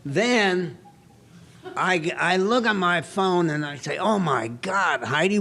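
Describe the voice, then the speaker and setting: A man's voice: on the high side, creaky, a bit bright. A man speaking live at a recovery retreat, telling a candid personal story with self-mocking humor. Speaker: guest speaker. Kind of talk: recovery meeting share. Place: retreat hall, recorded live.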